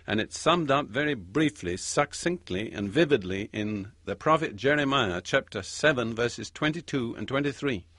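Male preacher giving a sermon, slow emphatic scripture lines, mid pitch, dry close sound. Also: fairly bright tone, dry recording. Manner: measured, emphatic scripture reading.

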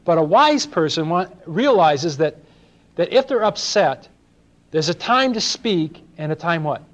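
An older man from Los Angeles preaches a sermon conversationally, asking his congregation questions and acting out little exchanges. His voice sits on the high side, very animated but unhurried. The recording is dull and lo-fi.

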